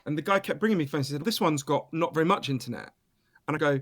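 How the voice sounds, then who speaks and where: A British man, an author being interviewed, telling stories in an animated, emphatic way and swearing casually. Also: fairly high pitch, very fast. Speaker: author and guest. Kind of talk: storytelling interview.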